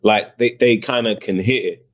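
A British actor speaking as a guest in a casual interview, reflective and searching for words with many restarts. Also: male voice, fairly low pitch, steady tone, normal speed. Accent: British English.

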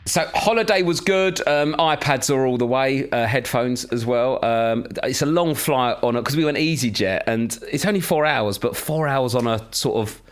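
A man's voice: medium pitch, moderate pace, hardly any pauses, clear, resonant tone. An English man co-hosting a casual chat podcast, telling stories with laughter and swearing. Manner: animated storyteller, swears, laughs often. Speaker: podcast co-host.

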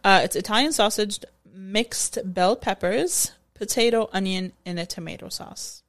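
A woman's voice: mid-range voice, a little slow. A young woman co-hosting a casual chat, teasing her partner and explaining things in a matter-of-fact way. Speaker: podcast co-host.

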